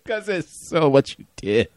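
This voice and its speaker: A man's voice: mid-range voice, animated, normal speed, a crowd in the background. A man who is the guest and brother of the host, chatting casually, teasing and laughing often. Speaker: podcast guest, host's brother. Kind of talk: casual chat.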